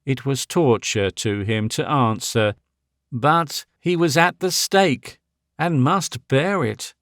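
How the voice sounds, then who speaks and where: A man narrating a Victorian novel as an audiobook, measured and dramatic. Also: mid-range voice, fairly bright tone, no room sound, clean studio sound.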